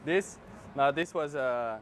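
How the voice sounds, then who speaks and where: A man's voice: medium pitch, takes it slowly, noisy background. A man in joking banter, teasing and giggling between his words. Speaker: racing driver.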